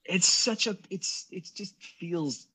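A middle-aged guest actor chats casually in an interview, rambling and restarting his sentences often. His voice is high-pitched, bright and forceful, and he speaks slowly.

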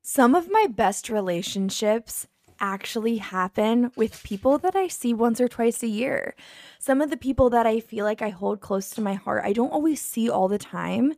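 A woman's voice: fairly high pitch, expressive, normal speed, gravelly, darkish tone, no room sound. A woman co-hosting a podcast in a bubbly casual chat, often breaking into laughter. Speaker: podcast co-host.

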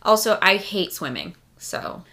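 A woman's voice: mid-range voice, huge pitch swings, a little slow, gravelly, bright, forceful tone. A woman co-hosting a podcast, telling stories animatedly and laughing often. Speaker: podcast co-host. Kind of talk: casual chat.

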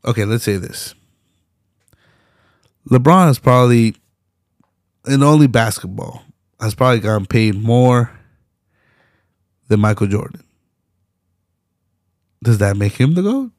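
Animated, profane young man ranting. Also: medium pitch, measured pace, long pauses, no echo, clean studio sound. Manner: animated, profane, slangy, laughs often. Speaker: podcast host. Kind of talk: casual solo podcast rant.

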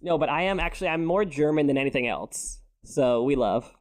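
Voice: mid-range voice, expressive, brisk, a little mellow. A non-binary co-host in loose, casual podcast chat. They ramble through stories and scatter "like" as they go. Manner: rambling storyteller, heavy use of "like". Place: podcast recording.

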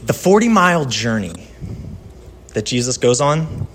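A man pastor giving a sermon in a conversational style, telling personal stories and dropping from lively to hushed. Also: mid-range voice, measured pace, slight background noise.

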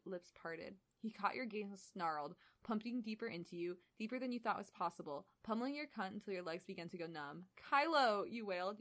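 Giggly woman reading fan fiction aloud. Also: mid-range voice. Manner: giggly, breaks into laughter, chatty asides. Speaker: podcast co-host.

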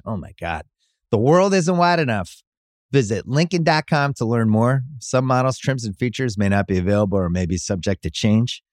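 A man reads a scripted car commercial in a smooth, measured way. His voice is low and recorded dry and close. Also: darkish tone, no room sound. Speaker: ad announcer.

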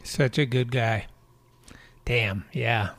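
A man hosting a podcast interview in a relaxed, low-key way, giving short, easy replies. His voice sits in a middle range and is recorded close and dry. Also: drawn-out words, no echo. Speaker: podcast host. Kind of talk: casual interview chat.

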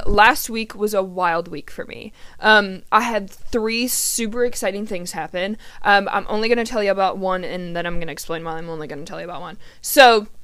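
A woman's voice: mid-range voice, fairly bright tone, clear, resonant tone, no room sound. A woman, hosting a casual podcast and chatting freely with many ums and a little swearing. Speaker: podcast host. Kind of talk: casual chat. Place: grandparents' house.

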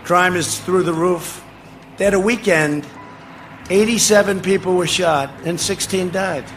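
An older man giving a boastful, rambling campaign rally speech outdoors, ad-libbing to the crowd and often shouting. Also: high-pitched, unhurried, soft background music. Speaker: political speaker at a rally. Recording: speech over a faint crowd and noisy ambience.

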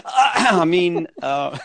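A man's voice: high voice, fairly bright tone, husky. A man casually telling rambling stories in a chat, laughing often.

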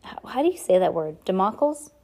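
A woman casually reading a novel aloud, relaxed, now and then stumbling and chatting between passages. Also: mid-range voice, a little fast. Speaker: reader.

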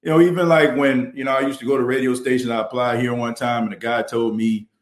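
A man with a New Orleans accent hosts a live podcast from behind his mic and camera. He talks in a fervent, motivational way, packed with "you know" fillers, at an ordinary pitch. The sound bounces around an echoey room. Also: fairly even intonation, quick pace. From New Orleans, US South. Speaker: podcast host. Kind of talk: livestream podcast talk, reading chat. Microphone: studio mic and camera.

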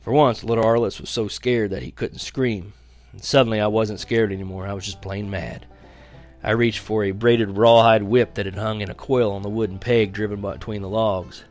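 A man's voice: fairly low pitch, soft background music. Man reading a story with drama. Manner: lively, dramatic, slows for action beats. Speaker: audiobook reader. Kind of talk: first-person storytelling reading.

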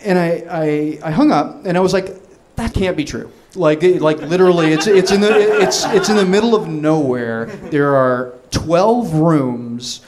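A man in his thirties tells a comic story from his own life in a slightly higher voice. He rambles and trips over his words with constant fillers and restarts, and he gets more animated as the story builds. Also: moderate pace, hardly any pauses, background noise.

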